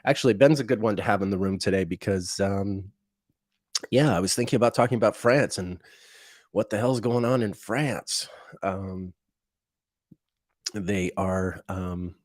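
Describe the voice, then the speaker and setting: A man with a somewhat low voice hosts a casual livestream. He rambles, restarts his sentences and chuckles at his own wry asides. The sound is dry and close, with no room in it. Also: no room sound. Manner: rambling, halting, many fillers and restarts. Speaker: livestream host. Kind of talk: casual unscripted livestream talk.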